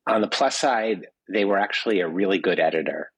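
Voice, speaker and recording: A man from the United States chats as an interview guest, his voice husky and pitched fairly low. He wanders from anecdote to anecdote, leaning on "you know" and "like" as he goes. The sound is close and dry, with no room around him. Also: a little fast, a bit bright, dry recording, poor audio. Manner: rambling, anecdotal, full of "you know" asides. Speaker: guest, food writer. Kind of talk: casual interview talk.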